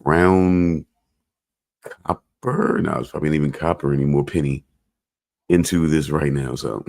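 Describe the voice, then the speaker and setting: A man's voice: a bass voice, steady tone, a little slow, creaky, a little mellow. A man co-hosting a podcast in casual, rambling chat, joking and hedging his points. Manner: rambling, joking, repeats "I'm just saying". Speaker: podcast co-host.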